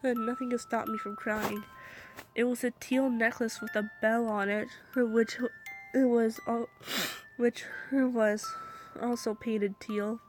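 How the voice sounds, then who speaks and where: A woman's voice: fairly high pitch, flat delivery, takes it slowly, music in the background. A young woman reading a fan story aloud into her phone, stumbling and restarting often, her throat scratchy. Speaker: story reader.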